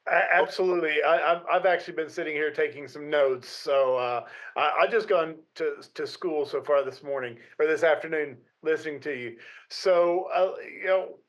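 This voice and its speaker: Hesitant podcast host, lo-fi sound. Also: male voice, fairly high pitch. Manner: halting, repeats words while asking questions. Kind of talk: interview questions. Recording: dull lo-fi sound.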